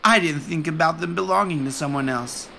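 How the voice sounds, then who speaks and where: A storyteller voicing a cheerful, excitable young male seagull in a children's storybook. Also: medium pitch, brisk, vocal fry, slight background noise. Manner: squawky, excitable.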